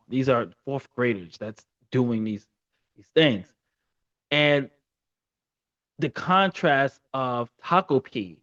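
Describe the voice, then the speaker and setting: A man's voice: mid-range voice, no room sound. A man hosts his own review in a casual, heartfelt way, often tripping and repeating words. He sounds a little choked up. The recording is dry, close and slightly lo-fi. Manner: earnest, stumbling, repeating words. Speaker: anime reviewer and channel host.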